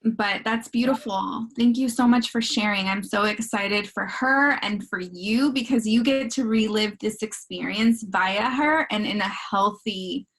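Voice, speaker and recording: A woman's voice: mid-range voice, unhurried, few pauses, fairly bright tone. Rambling woman hosting a workshop. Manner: rambling, many restarts and "like" fillers. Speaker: podcast host leading a workshop. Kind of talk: casual talk answering questions.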